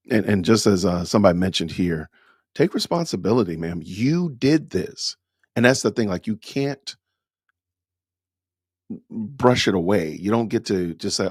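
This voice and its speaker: A man's voice: lowish voice, expressive, measured pace, no room sound, clean studio sound. Emphatic man scolding on a podcast. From Atlanta. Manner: emphatic, scolding, preacher-like cadence. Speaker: podcast host. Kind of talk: commentary on a news clip.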